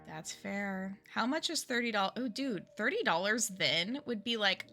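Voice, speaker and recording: A woman's voice: mid-range voice, animated, moderate pace. A woman giving casual, jokey commentary while streaming a game, chatty with rambling asides. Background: game music.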